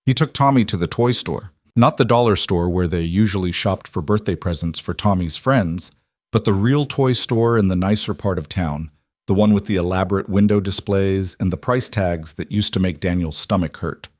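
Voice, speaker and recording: Guy narrating a story, low voice, steady, dry close sound. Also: moderate pace, no room sound. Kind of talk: scripted narration.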